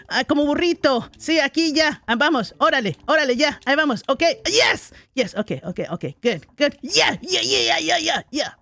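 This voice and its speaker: High-voiced excitable woman gamer. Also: vocal fry. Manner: excitable, talks to herself, shrieks and laughs. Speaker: gaming streamer. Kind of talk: let's play commentary.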